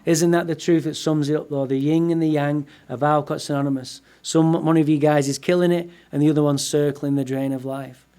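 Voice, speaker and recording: A man's voice: fairly high pitch, fairly even intonation, a little fast, warm tone, smooth. A man giving a comic, profane personal story to a live recovery-meeting audience. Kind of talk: humorous personal storytelling talk.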